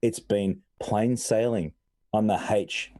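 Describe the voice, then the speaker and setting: A man's voice: on the low side, steady tone, slow, mellow. A man hosting a live gaming stream, joking and teasing his co-hosts in casual chat. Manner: joking, teasing, laughs often. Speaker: host.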